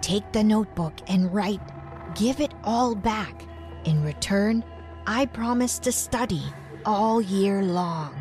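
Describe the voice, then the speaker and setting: A woman voicing a scheming aunt who pretends to be a sinister witch, speaking slowly and ominously. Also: a little mellow, soft background music, natural voice. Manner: slow, ominous, low delivery.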